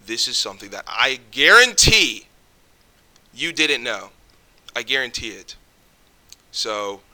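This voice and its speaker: A man's voice: medium pitch, bright, forceful tone. A man vlogging, telling a story casually and rambling with a lot of swearing. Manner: profane, rambling, with lots of fillers. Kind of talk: casual storytelling reaction video.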